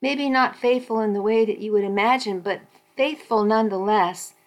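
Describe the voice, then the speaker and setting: A woman reading the part of a calm, matter-of-fact older male lawyer in a story read aloud. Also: mid-range voice, moderate pace, lightly acted.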